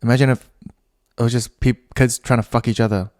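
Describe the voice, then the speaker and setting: Here a New Zealand-accented man runs a laid-back solo podcast, his mid-range voice fairly even in intonation with a darkish tone. Rambling and profane, he readily laughs at himself when he wanders off topic.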